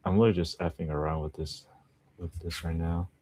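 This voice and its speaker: Low-voiced man chatting on a stream. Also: little pitch movement, normal speed, dark tone, slight background noise. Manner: rambling, laughs often, chats with viewers. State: just woke up. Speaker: livestreaming language learner. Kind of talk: casual livestream chat.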